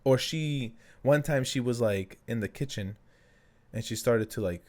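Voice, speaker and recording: A young man co-hosting a podcast in casual chat, telling stories and acting out quotes with sudden high jumps in his voice. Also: unhurried. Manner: animated storyteller, acts out quotes with big pitch jumps. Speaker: podcast co-host.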